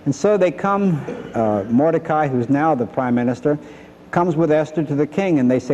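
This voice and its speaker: A man's voice: a little high, lively intonation, normal speed, warm tone, big-room sound, rough recording. An older man teaching a Bible lesson, retelling the story and acting out the characters' lines.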